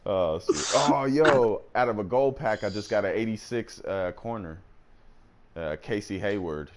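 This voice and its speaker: A man's voice: on the low side, measured pace, a little hiss or hum. A man casually chatting and joking with friends while streaming a video game, using loose slang. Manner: laid-back slangy talk, laughs often. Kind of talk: casual gaming stream banter.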